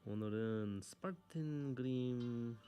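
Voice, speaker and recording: A man's voice: medium pitch, rapid-fire, warm tone, soft background music. A young man casually chatting while he draws, rambling and correcting himself as he goes. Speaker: artist drawing on camera. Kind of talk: casual chat while drawing.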